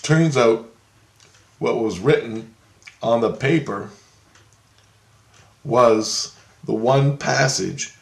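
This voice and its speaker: Rambling low-voiced man telling a story. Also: creaky, roomy sound. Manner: rambling, with restarts and repeats. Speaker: vlogger. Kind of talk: casual storytelling monologue.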